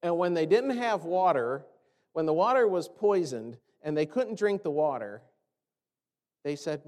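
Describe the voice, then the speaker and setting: High-voiced preacher in a reverberant hall. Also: male voice, lively intonation, unhurried, darkish tone. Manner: conversational preaching, acts out quoted complaints, rhetorical questions. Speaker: pastor. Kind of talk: sermon.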